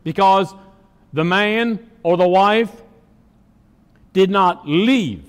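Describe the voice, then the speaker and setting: High-voiced preaching man in a hall. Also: very slow, smooth. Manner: emphatic preaching, asks the congregation questions. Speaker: pastor. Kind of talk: sermon.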